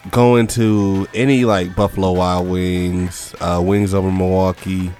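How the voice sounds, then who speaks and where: A man co-hosting a podcast, talking in relaxed casual banter, laughing easily and trailing off mid-thought. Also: sits low, a little slow, soft background music. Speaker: podcast co-host.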